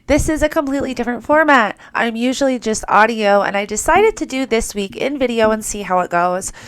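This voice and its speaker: A woman's voice: on the high side, expressive, brisk, clean tone, dry recording. A woman with a stuffy, nasal voice from a cold, giving a chatty, rambling weekly astrology forecast to her channel. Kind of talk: casual weekly forecast talk to camera.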